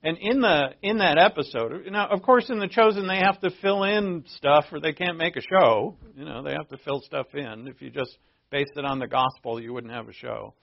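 A man's voice: on the high side, normal speed, creaky. A man preaching a sermon, talking conversationally and reading scripture aloud, with emphatic bursts. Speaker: pastor. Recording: dull lo-fi sermon recording.

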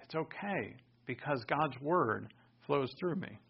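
Earnest man preaching with loud bursts. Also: on the high side, expressive, slow pace, gravelly, slightly rough, highs cut off. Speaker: pastor. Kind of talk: sermon.

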